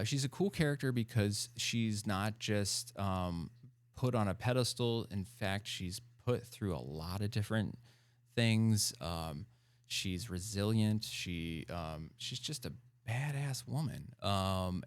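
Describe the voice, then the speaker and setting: A man talking as a podcast guest in casual chat, animated and full of fillers and laughs, close to the mic. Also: fairly low pitch, slow pace, clear, resonant tone, no echo.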